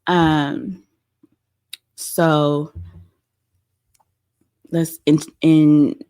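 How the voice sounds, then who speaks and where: A young adult woman hosting a pop-culture commentary show, animated and blunt, acting out quotes as she goes. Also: sits low, drawn-out words, clean tone. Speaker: host.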